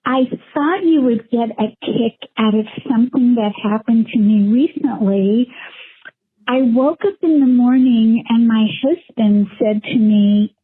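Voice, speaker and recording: A woman's voice: a little high, measured pace, slightly rough, no room sound. A woman caller leaving a heartfelt, chatty voicemail. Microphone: phone. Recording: tinny phone line voicemail.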